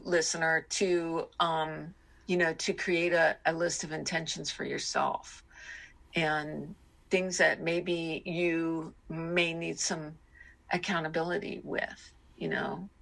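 A woman's voice: lowish voice, creaky, bright, forceful tone. A middle-aged woman co-hosting a podcast, talking candidly and reflectively with many fillers. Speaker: podcast co-host. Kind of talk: casual podcast chat.

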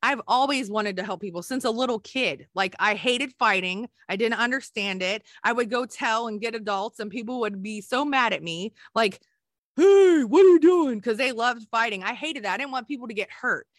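A woman's voice: fairly high pitch, moderate pace, few pauses, sharp tone, no room sound, clean studio sound. A middle-aged woman, a nurse, telling her story candidly in an emotional, rambling way with many restarts. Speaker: guest, nurse.

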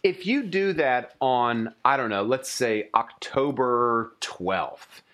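A man's voice: medium pitch, expressive, slow pace, fairly bright tone. A man co-hosting a podcast, arguing playfully in a mock-formal debating manner. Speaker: podcast co-host. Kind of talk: casual chat.

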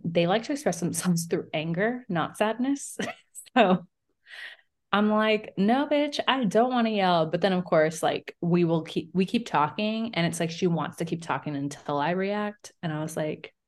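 A woman's voice: fairly low pitch, unhurried. A woman co-hosting a podcast in casual chat, telling stories with lots of "like" and acted-out quotes. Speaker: podcast co-host.

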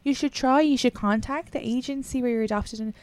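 A woman putting on a clueless, overconfident young woman friend in a high, insistent voice. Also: fairly quick, darkish tone, dry recording, natural voice. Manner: high, insistent, sing-song.

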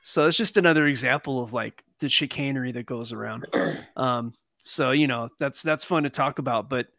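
A man hosting a casual political podcast, talking in a relaxed, hesitant way with many fillers. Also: medium pitch, normal speed, gravelly, no room sound. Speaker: podcast host.

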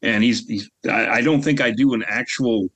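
A man on a podcast, speaking haltingly as he searches for words in casual chat. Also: medium pitch, fairly even intonation, a bit bright, slightly rough. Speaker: podcast co-host and voice actor.

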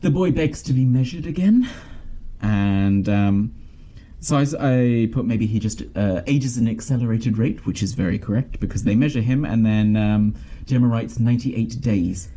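A man hosting a casual film discussion podcast, animated and mock-outraged, laughing often. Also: mid-range voice, normal speed. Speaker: podcast host.

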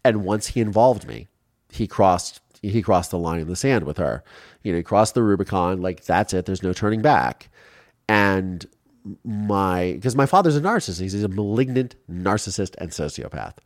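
A man in his forties from Ohio, telling his life story in an interview in an animated way, acting out quotes and restarting often. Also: deep voice, moderate pace, no room sound, clean studio sound. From Ohio, USA.

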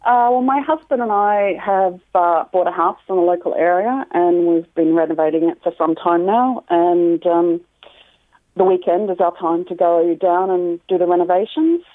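An Australian woman heard over a narrow, tinny phone line as she speaks on a radio show. Her voice sits a little low, and she talks in a friendly, hesitant way with plenty of fillers. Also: moderate pace, dry recording. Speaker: caller.

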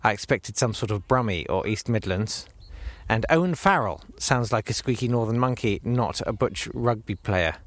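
A man's voice: lowish voice, animated, moderate pace, no echo. Podcast guy chatting from a muddy field, mid voice, dry close sound, rambles. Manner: rambling, self-interrupting. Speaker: podcast host. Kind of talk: casual chat.

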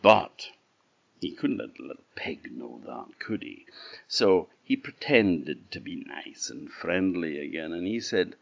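A man with an Orkney Scottish accent telling a folk tale in a lively, expressive way. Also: low-pitched, unhurried, gravelly, no echo. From Orkney, Scotland. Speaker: storyteller. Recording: dull dry lo-fi recording.

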